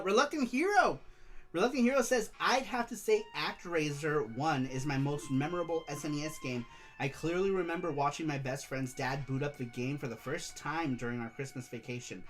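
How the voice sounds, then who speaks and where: A man's voice: fairly high pitch, a bit bright. Male host, casual stream chat, loose rambling delivery, faint music underneath. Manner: chatty, rambling, reads viewer messages aloud.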